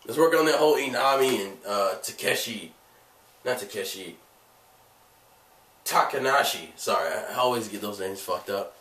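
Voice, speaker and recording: A man's voice: on the low side, animated, moderate pace, pauses often, sharp tone, far from the mic. A man with a cold reviewing anime casually, rambling with lots of fillers and restarts. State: has a cold, coughing. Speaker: anime vlogger. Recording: echoey room, away from the mic.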